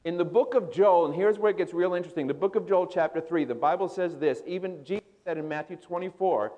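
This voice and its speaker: Man, pastor, sermon, fairly high voice, hushed then loud emphasis. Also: fast talker, lo-fi sound.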